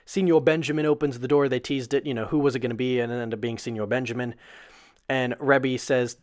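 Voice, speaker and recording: A man with an average-pitched voice talks through a wrestling episode in a relaxed, rambling way. He leans on fillers and curses casually. Every so often he gets excited and incredulous. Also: moderate pace. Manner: loose and profane, many fillers, bursts of excited disbelief. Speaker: wrestling show reviewer. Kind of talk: casual recap commentary.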